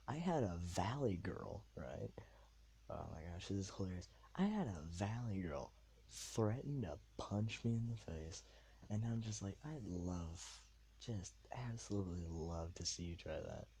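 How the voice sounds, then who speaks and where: A young man hosting a podcast from his bed at night, rambling in a hushed, half-whispered way. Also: sits low, lively intonation, a little slow, a little hiss or hum. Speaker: podcast host. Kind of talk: casual late-night monologue.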